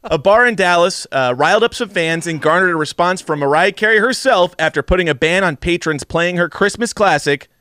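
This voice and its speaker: A man's voice: high-pitched, fairly quick, few pauses, pushed and bright, no echo, studio quality. A man hosting a casual movie review podcast, bantering and swearing as he jokes with his co-host.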